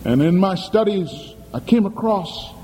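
A male pastor preaches with dramatic emphasis, his voice swooping from high to low. The tone is mellow and dark, and it carries through an echoey hall over faint background ambience. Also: expressive, measured pace, a little hiss or hum. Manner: dramatic, emphatic, questions the congregation. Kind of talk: sermon.

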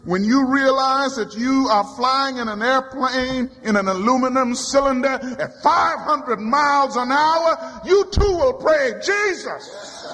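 A male pastor with a strikingly high voice delivers a sermon slowly and deliberately, stacking repeated refrains that rise into shouted climaxes. His words ring out with a long reverb, as in a large church sanctuary. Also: slight background noise. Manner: rhythmic preaching with repeated refrains, rising to shouts.

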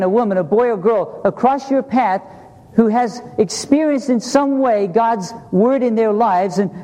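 A man's voice: sits high, warm tone, big-room sound, low-quality recording. A man pastor preaching a sermon, telling a personal story in an earnest way with quoted dialogue and rhetorical questions.

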